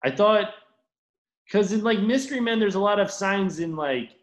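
A man co-hosting a podcast in casual chat, deadpan and self-mocking. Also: high-pitched, moderate pace. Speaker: podcast co-host. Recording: echoey room.

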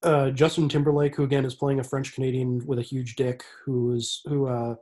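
A man's voice: mid-range voice, flat delivery, brisk, mellow. A man hosting a casual podcast, explaining things with wry sarcasm. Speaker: podcast host.

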